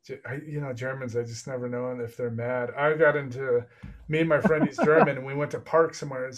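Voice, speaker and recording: A man's voice: medium pitch, fairly even intonation, brisk. A man from Texas hosting a podcast, chatting casually and telling stories. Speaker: podcast host. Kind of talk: casual chat.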